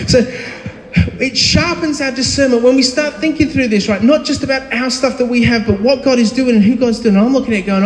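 A man's voice: very high voice, a little fast. A man in his thirties, a pastor giving a conversational sermon with frequent fillers and restarts. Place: church hall. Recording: echoey hall.

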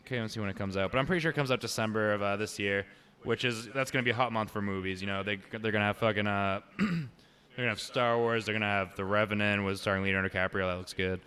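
A young man co-hosting a podcast in casual chat, animated and swearing freely, acting out movie lines as he talks. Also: lowish voice, quick pace. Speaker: podcast co-host.

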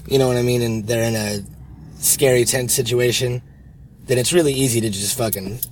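A man talks casually on a podcast recorded inside a moving car. He tells stories with energy and throws himself into the voices of the people in them. Road noise runs clearly underneath. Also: medium pitch, a little fast. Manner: animated storyteller, acts out quoted people loudly. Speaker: podcast co-host. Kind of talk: casual chat.

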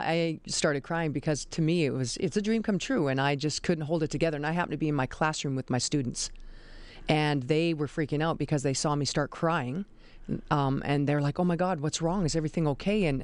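A woman's voice: deep voice, moderate pace, clear, resonant tone, no room sound. A woman, a basketball referee and teacher, is a guest on a radio show in the studio and tells her stories with animation, acting out the voices she quotes. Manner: lively, animated storyteller who acts out quoted voices. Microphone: studio microphone.

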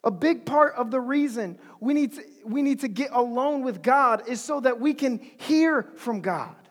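A preacher giving an animated, humorous, conversational sermon in a large hall. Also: medium pitch, normal speed.

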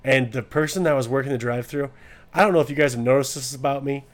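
A man's voice: medium pitch, steady tone, fast talker. A man co-hosting a podcast, telling a crude, joking story and often laughing. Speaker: podcast co-host. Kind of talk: casual podcast chat and anecdote.

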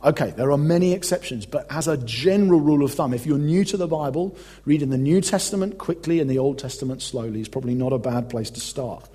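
A man's voice: fairly high pitch, fast, mellow, husky. A man preaching a conversational, emphatic teaching sermon as a pastor. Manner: conversational, emphatic, reads quotes aloud.

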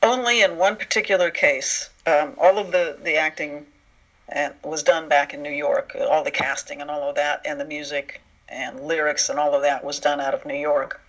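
A man's voice: fairly high pitch, fairly even intonation, moderate pace, a bit bright. Chatty storyteller man on a dull line. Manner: chatty storyteller, acts out quoted voices. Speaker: writer of an animated series, interview guest. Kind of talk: relaxed interview talk. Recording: dull lo-fi sound.

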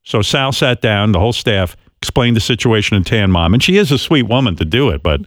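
A man's voice: fairly low pitch, animated, a little fast, no echo, studio quality. A man hosting a radio show, telling a prank story in a wry way. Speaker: radio host. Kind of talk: radio talk. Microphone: studio microphone.

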